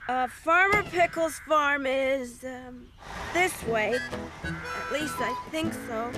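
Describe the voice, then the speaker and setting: A man voicing a timid, nervous male crane machine in an animated series, hesitant and stammering. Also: very high voice, takes it slowly. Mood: unsure. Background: music score.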